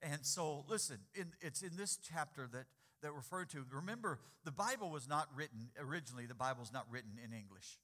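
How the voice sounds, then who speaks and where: A man's voice: on the high side, animated. A man preaching a sermon as pastor, getting the congregation to answer back and repeating key words. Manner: quiet and slow in prayer, louder and rising when exhorting.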